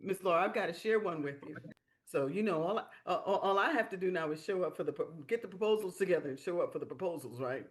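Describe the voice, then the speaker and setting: A woman hosting a live-stream business training, telling stories in a lively way and acting out the quotes. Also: fairly low pitch, fast. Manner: lively storyteller, acts out quotes. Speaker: sales training host.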